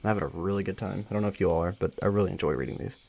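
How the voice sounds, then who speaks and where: A man's voice: sits low, very fast, gravelly, a little mellow. A young man with a dry throat reading a story aloud on a live stream, chatty and joking between passages. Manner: casual, joking, chatty asides.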